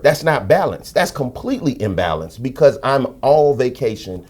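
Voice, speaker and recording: This podcast guest, a middle-aged man from the United States, has a medium-pitched, darkish voice and a moderate pace, and he's very animated. He shares stories frankly in a candid interview, peppered with slang and profanity.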